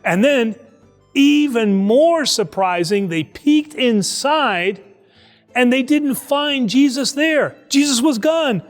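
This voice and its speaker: A priest telling a Bible story to children in a lively, conversational way, acting out the voices. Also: male voice, very high voice, slow pace, long reverb tail, soft background music. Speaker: priest teaching Sunday school. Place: church.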